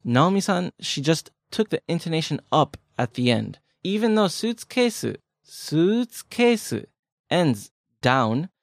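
A man's voice: a little high, big pitch swings, normal speed, gravelly, few pauses, no room sound, clean studio sound. A man co-hosting a casual language-learning podcast, explaining with jokes and everyday examples. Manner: chatty, joking, explains with examples. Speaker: language lesson co-host.

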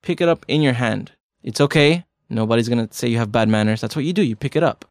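A man's voice: medium pitch, fast talker, dry recording. Man, podcast host, chatty, explains with asides, dry recording. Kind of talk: casual language lesson chat.

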